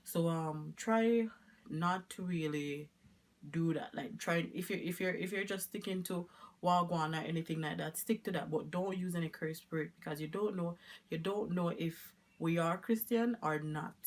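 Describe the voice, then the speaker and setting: A Jamaican woman talks casually to her camera, rambling from point to point and dropping into patois now and then. Her voice sits fairly low for a woman. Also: moderate pace. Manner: chatty, rambling, mixes in patois. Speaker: vlogger.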